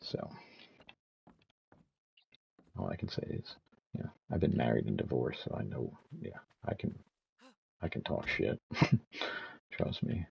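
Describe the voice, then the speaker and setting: Gravelly deep-voiced man in his fifties. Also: sing-song, normal speed, pauses often, darkish tone. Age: 50s. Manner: ranting, swearing storyteller. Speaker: gaming streamer. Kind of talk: casual stream chat.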